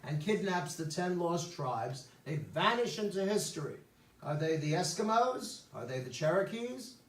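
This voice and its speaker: Male rabbi teaching a Bible class, joking storyteller; slightly high voice, roomy and distant mic. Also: very animated, normal speed. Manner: wisecracking storyteller, chatty asides. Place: temple room.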